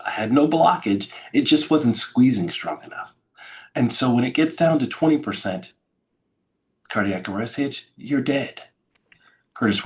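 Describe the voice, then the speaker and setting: A middle-aged man telling his story as an interview guest, acting out sounds and quoted lines with dramatic flair. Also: fairly low pitch. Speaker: podcast guest, keynote speaker.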